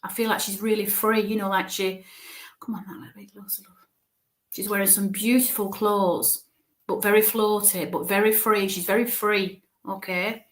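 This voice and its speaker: Halting woman medium giving a reading. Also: medium pitch, fairly bright tone. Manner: halting, repeats phrases, checks in with "okay?"; searches for words mid-sentence. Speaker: spiritualist medium.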